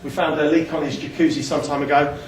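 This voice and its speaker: A man's voice: on the high side, little pitch movement, fast, slight background noise. A man giving a casual slide talk, chatty and self-deprecating, often restarting his sentences. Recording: echoey room, mic at a distance.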